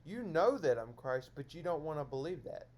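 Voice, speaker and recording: A man's voice: a little high, very animated, moderate pace, darkish tone. A man lecturing his viewers in a solo stream monologue, scolding them over and over in repetitive phrases.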